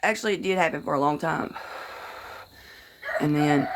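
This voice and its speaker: A woman's voice: sits low, normal speed, very noisy. Folksy, cussing woman chatting on a livestream. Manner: folksy, swears casually, greets viewers by name; tells rambling anecdotes. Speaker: livestream host. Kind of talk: casual livestream chat with viewers.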